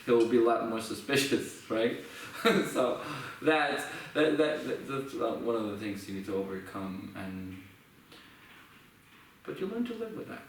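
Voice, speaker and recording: A young man with an Israeli accent, a musician talking in a reflective, halting way with many restarts. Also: medium pitch, lively intonation. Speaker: musician sharing his story. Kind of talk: casual conversation. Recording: echoey room, from far off, faint noise.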